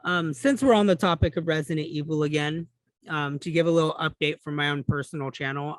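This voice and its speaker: A man co-hosting a podcast, chatting casually and relaxed about video games, swearing now and then. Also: fairly high pitch, dry recording. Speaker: podcast co-host. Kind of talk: casual gaming chat.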